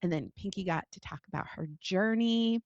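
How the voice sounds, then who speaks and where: A woman's voice: mid-range voice, normal speed, no room sound, muffled recording. A woman hosting a casual podcast, upbeat and talking her listeners through what is happening in the studio. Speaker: podcast host.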